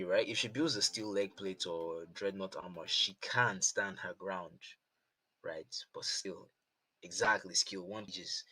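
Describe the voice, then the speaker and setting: A man's voice: deep voice, pushed and bright. A man casting a live esports match, chatty and rambling, thinking aloud as he goes. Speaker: esports caster. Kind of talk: live game commentary. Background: game music.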